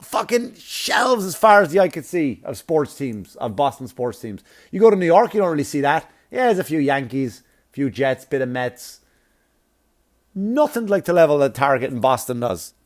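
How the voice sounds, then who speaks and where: A man tells a comedic personal anecdote in a loose, storytelling delivery. He swears often and gets animated, laughing at his own jokes as he goes. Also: a little high, moderate pace. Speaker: stand-up comedian. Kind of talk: comic storytelling.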